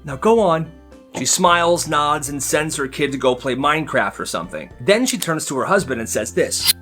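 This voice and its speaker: Young man, storytime narrator, sarcastic, chatty, somewhat high voice, very animated. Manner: chatty and sarcastic, mocking the people in his stories. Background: faint music.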